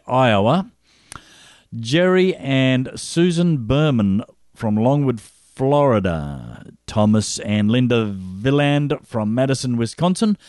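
A man's voice: mid-range voice, darkish tone, dry recording, studio quality. A man hosting a gospel podcast, reading out supporters' names and home towns with playful jokey asides. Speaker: podcast host.

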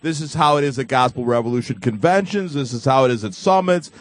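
A man hosting a casual webcast, joking with callers in an excitable way. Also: medium pitch, fast talker, no echo. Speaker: host.

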